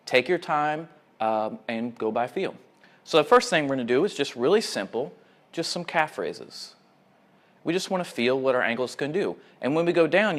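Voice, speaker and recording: A man, a fitness instructor, calmly talking viewers through gentle ankle exercises. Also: medium pitch. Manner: calm, easygoing instructions. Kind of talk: exercise demonstration.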